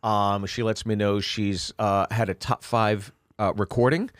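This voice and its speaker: A man's voice: on the low side, fairly even intonation, unhurried, dry recording, studio quality. A man co-hosting a podcast, telling a long comic story and acting out the people in it. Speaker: podcast co-host. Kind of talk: casual comedic storytelling.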